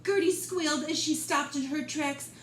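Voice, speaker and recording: A woman librarian reading a picture book aloud for storytime, expressive and gentle, talking directly to young listeners. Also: high-pitched, moderate pace, noisy background. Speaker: children's librarian. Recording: roomy room echo.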